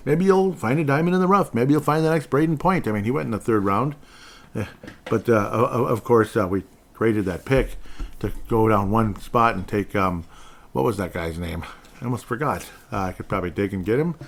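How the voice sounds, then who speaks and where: A man's voice: medium pitch, lively intonation, a little fast, gravelly, a little hiss or hum. A man hosting a solo hockey podcast, rambling in a dry, sarcastic way with self-mocking asides. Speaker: podcast host.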